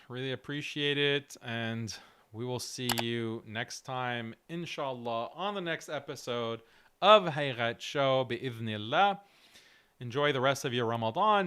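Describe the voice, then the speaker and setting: A man's voice: medium pitch, a bit bright, clean tone. A male show host with a strained, cracking voice, talking earnestly through a livestream and answering chat. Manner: earnest, direct, slightly halting. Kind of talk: livestream talk reading chat.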